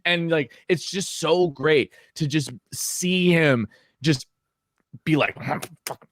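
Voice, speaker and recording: Male podcast co-host, mid-pitch, dry close sound, loose and profane, talks himself into a rant. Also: slow pace, fairly bright tone, no room sound. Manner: swearing, worked-up, rambling. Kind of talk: casual chat.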